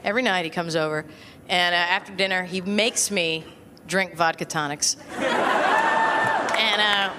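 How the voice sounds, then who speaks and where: A woman comedian performing a stand-up set at a live venue, wry and self-deprecating, with quick asides to the audience. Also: mid-range voice, wildly swooping pitch. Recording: live crowd and noise. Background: laughing, applauding audience.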